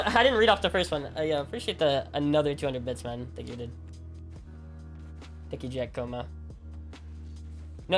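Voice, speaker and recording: A man from Alabama who streams games, chatting casually with viewers in a rambling way, full of "like" and restarts. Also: on the high side. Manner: rambling, heavy use of "like", frequent restarts. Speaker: game streamer. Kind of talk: casual chat with viewers while gaming.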